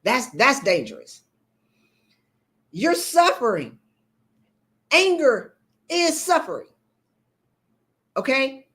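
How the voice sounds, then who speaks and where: Woman, blunt live-stream coach, preachy, fairly high voice. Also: slow, long pauses. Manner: blunt, preachy, animated, addresses viewers as y'all. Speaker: leadership coach. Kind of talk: live-stream motivational talk.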